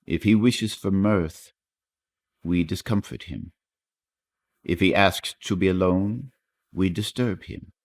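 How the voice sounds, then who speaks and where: A man voicing a grave young Italian fisherman. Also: deep voice. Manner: grave, earnest, halting. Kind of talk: audiobook reading.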